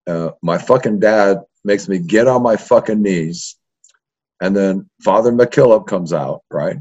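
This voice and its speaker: An older history professor from East Los Angeles talks in a lowish, husky, unhurried voice. Casually interviewed, he spins profane, animated stories from his youth, peppering them with "right?", and the recording has a dull lo-fi quality.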